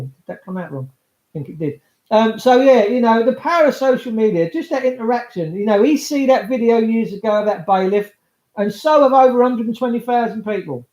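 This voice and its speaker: A man's voice: high-pitched, darkish tone. A man, rambling chattily to viewers in a casual livestream monologue. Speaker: livestream host. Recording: roomy, slightly dull sound.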